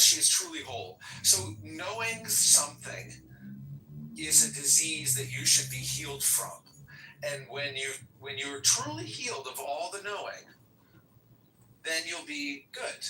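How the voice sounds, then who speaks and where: A man's voice: on the high side, sharp tone. A man in casual podcast chat, reading a passage aloud and commenting bluntly. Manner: reads a quote aloud, then comments bluntly. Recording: distant, echoey mic with faint noise.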